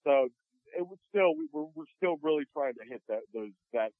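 A man's voice: a little high, lively intonation, normal speed, dry recording. A man calling in as a game developer guest, talking in an earnest, businesslike way with many restarts. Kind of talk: casual phone interview. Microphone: phone. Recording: dry tinny phone line.

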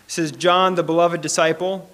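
A man with a noticeably high-pitched voice delivers a sermon. He preaches earnestly, leaning on key words and slowing down for emphasis. He also reads scripture aloud to his listeners. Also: level tone, fairly bright tone. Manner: earnest, emphatic preaching with slowed, stressed phrases.

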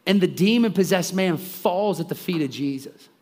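A man preaching a sermon, retelling a story with lively voices for the people in it and big swings between soft and loud. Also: moderate pace. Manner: animated, acts out the characters' lines with swings in pitch and volume. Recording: soft guitar music behind the voice.

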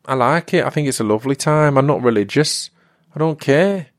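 Guy rambling on his podcast, jokey, dry close sound, regular pitch. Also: a little fast, dry recording. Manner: rambling, comic, slips into put-on regional accents. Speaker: podcast host. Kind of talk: solo podcast monologue.

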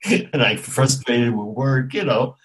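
An older man from Brooklyn, speaking, spins a show-business anecdote for an interviewer. His voice sits at an ordinary middle pitch. He talks in an animated way, acting out the dialogue and chuckling as he goes. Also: a little slow, slightly rough, poor audio. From Brooklyn, New York. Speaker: actor, interview guest.

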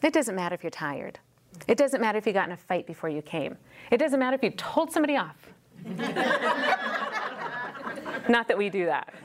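A woman teaching a women's Bible study live in a room, wearing a mic, animated and emphatic, repeating key phrases and acting out dialogue. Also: on the high side, normal speed, long pauses, a little hiss or hum. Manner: animated, acts out dialogue in quoted voices. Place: room in a church building. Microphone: wearing a personal mic.

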